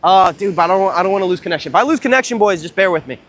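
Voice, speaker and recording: Excitable, profane young man on a beach. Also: high voice, rapid-fire, a little hiss or hum. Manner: profane, excitable, rambling storytelling. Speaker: dating coach livestreamer. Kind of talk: casual livestream vlog. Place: outdoors at a beach.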